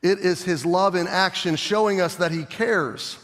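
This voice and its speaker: A middle-aged male pastor preaching a sermon, animated, swinging between loud and soft as he acts out scenes. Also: high-pitched, normal speed. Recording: long hall reverb.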